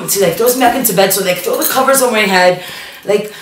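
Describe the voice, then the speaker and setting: A woman's voice: medium pitch, fast talker, a little hiss or hum. A young woman from the Miami area telling a personal story in a casual, chatty way, full of "like". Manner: chatty, lots of "like", switches into Spanish for quotes. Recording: roomy sound, distant from the mic.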